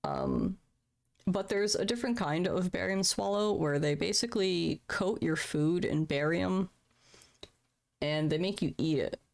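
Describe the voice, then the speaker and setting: A woman's voice: lowish voice, sing-song, a little slow, gravelly. A woman live-streaming in casual chat, candid and profane, laughing at her own troubles.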